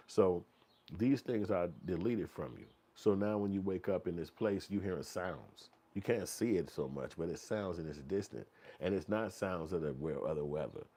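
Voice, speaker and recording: A man's voice: normal speed, slight background noise. A man hosting a commentary channel, talking casually in a vivid, profane, second-person storytelling style. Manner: acts out quoted voices, sometimes yelling high. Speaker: channel host commenting on news.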